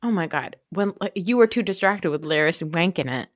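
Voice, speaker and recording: A man's voice: high-pitched, lively intonation, brisk, dry recording, studio quality. A man co-hosting a podcast, rambling and gossipy in casual recap chat, full of fillers. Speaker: podcast co-host.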